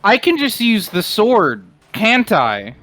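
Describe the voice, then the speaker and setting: A player in a casual tabletop game, hesitant and thinking aloud, swearing, with bursts of excitement. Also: mid-range voice, takes it slowly, no echo, soft background music.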